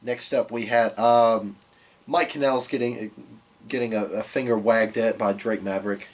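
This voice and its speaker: A man with a husky, slightly breathy voice recaps the week's wrestling in an easygoing, rambling way. He leans on fillers and restarts, tossing in quoted lines from the matches as he goes. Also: fairly low pitch, normal speed. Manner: relaxed, filler-heavy recapping with quoted asides. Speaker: podcast co-host. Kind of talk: casual wrestling recap chat.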